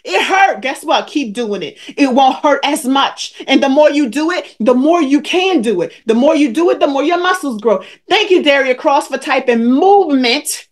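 A woman's voice: sits high, expressive, moderate pace, hardly any pauses. A woman over forty coaching viewers on a live stream, emphatic and preachy, repeating her points and calling out people in the chat by name. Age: 40s or older. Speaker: weight-loss coach hosting a live stream.

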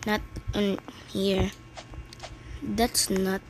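Woman, casual gameplay commentary, excitable, slow-paced talk, clear clicking noise behind. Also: mid-range voice, poor audio. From Philippines. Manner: excitable, chatty, frequent exclamations. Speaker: gaming channel host.

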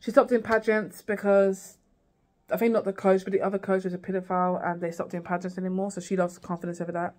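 A woman's voice: medium pitch, little pitch movement, fast talker, darkish tone. A woman recapping a TV series in a casual vlog, rambling with lots of fillers and restarts and acting out lines. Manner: rambling, many fillers and restarts, acts out quotes. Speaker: TV series reviewer.

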